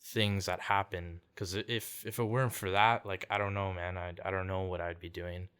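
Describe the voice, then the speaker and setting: A man's voice: deep voice, little pitch movement, moderate pace, a bit bright, clean tone. A young man from Canada telling a story in casual podcast chat, laid-back, peppering his talk with "like" and "dude" and acting out quotes. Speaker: podcast guest, singer-songwriter.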